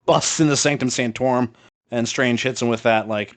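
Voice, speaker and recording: A man's voice: medium pitch, fairly even intonation, normal speed, no echo. A male podcast co-host in casual chat, talking loosely with lots of fillers and swearing, laughing as he retells a story.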